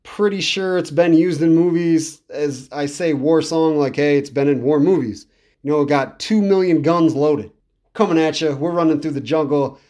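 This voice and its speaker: A podcast host talks through an album in a casual music review monologue, his fairly high, darkish voice moving at a normal speed. He rambles enthusiastically and repeats himself for emphasis.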